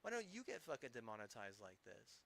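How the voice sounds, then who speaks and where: A man's voice: lowish voice, sing-song, a little fast, creaky, a bit bright. A man streaming, ranting angrily with heavy swearing and rambling, restarting sentences. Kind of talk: angry profane rant.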